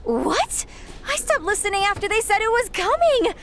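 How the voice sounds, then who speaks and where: A woman's voice: very high voice, very animated, moderate pace, fairly bright tone, heavily acted. A woman voicing a giddy young female wrestling trainee and superfan in a video game, talking in a gushing, breathless way. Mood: excited.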